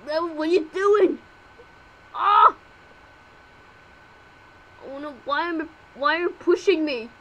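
A woman's voice: high voice, a little fast, few pauses, slight background noise, rough recording. A woman voicing all the characters of a homemade fan cartoon, with frantic yelps and exclamations.

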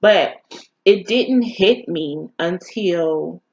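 A woman vlogger telling a painful personal story in an emotional, halting, candid way. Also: lowish voice, a little mellow, dull audio.

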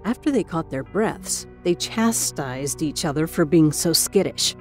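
A woman reading a spooky story as narrator, with a measured, dramatic manner. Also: low-pitched, lively intonation. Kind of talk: scripted ghost story narration. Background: faint music.

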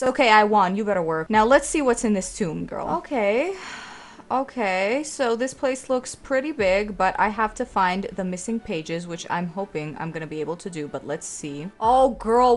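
A woman's voice: medium pitch, moderate pace. A woman in her twenties hosting a let's play, chatting casually with viewers in a dramatic, exclaiming way. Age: 20s. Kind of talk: casual gaming commentary.

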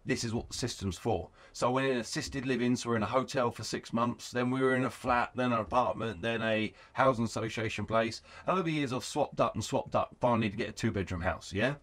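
A British man telling rambling, excitable stories with plenty of swearing as a podcast guest. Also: medium pitch, fast, few pauses. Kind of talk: casual podcast storytelling.

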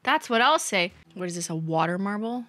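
A woman's voice: medium pitch, expressive, a little fast, a bit bright, no room sound. A woman in her thirties hosting a livestream, roasting viewers' work with sarcastic, teasing remarks and frequent laughter. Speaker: nail art YouTuber and livestream host.

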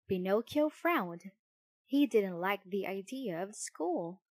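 Woman storyteller, lively melody, slow pace, dry close sound. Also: medium pitch, dry recording. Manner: expressive, unhurried. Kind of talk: children's storybook narration.

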